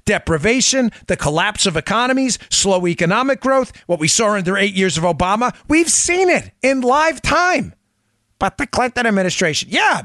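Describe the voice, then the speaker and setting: A man hosting a political podcast, talking in an emphatic, animated commentary style and laughing often. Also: high voice, no echo, clean studio sound. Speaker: podcast host.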